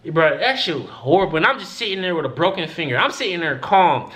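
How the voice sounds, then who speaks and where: A young man vlogging a story, swinging his voice up and down as he acts out the people in it. His tone is bright and forceful, and he keeps the talk loose and profane. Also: on the high side, expressive, fast. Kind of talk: casual storytelling to camera.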